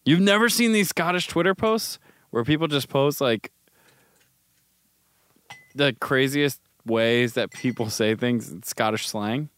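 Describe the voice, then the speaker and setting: A man's voice: medium pitch, unhurried, pauses often, smooth, no room sound. Swearing man in casual chat. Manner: animated, swears freely. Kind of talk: casual chat reacting to online posts.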